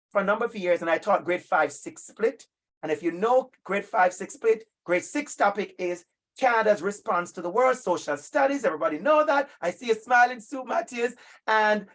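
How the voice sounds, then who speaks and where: Emphatic husky man presenting. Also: high-pitched. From Jamaica. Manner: emphatic, animated, calls on participants by name. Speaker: workshop presenter for educators. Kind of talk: interactive online workshop talk.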